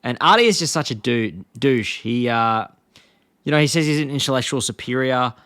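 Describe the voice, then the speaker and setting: A man's voice: mid-range voice, expressive, moderate pace, a bit bright, no echo, studio quality. A male podcast co-host, casually chatting and recapping a cartoon episode in a rambling way. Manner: rambling plot recaps, acting out quotes in bursts.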